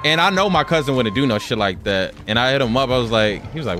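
While streaming a game, a man tells stories in a loose, profane way and keeps calling everyone "bro," as casual gaming commentary. His medium-pitched, slightly bright voice is animated and fast, with a bit of background noise.

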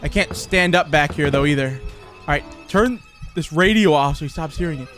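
A young man commentating a horror game for his channel, jumpy and excitable, dropping to hushed whispers and breaking into panicked yelps. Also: on the high side, moderate pace, soft background music. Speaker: gaming YouTuber.

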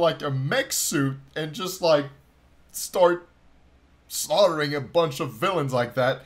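A man reacting to an animation on his channel, excitable and gushing, with loud outbursts. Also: on the high side, slow pace. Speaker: video reactor.

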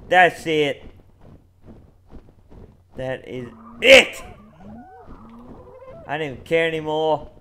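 A man playing a co-op game, excitable, swinging from muttering to yelling. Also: a little high, slow, long pauses, clean tone. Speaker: gamer. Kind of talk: casual co-op gaming chat.

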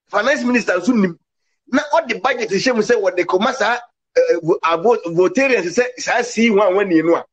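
Male commentator, high husky voice, emphatic and heated political talk. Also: rough recording. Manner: emphatic, mixes English words into his talk.

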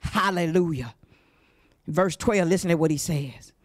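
A woman pastor preaching a fervent sermon, breaking into shouted hallelujahs and cries. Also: lowish voice, unhurried, no echo, clean studio sound. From Southern United States. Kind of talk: impassioned sermon.

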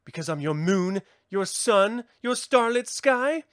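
Swaggering rogue swordsman read by a man, wry and animated, with a slow, close, dry delivery. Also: sits high, clean tone, no room sound, full character voice.

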